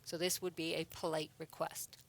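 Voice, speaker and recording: Woman, adult education teacher, patient step-by-step explaining, gravelly, low-pitched. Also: flat delivery, normal speed. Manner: patient, explains step by step, reads example sentences aloud with emphasis. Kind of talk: online grammar lesson.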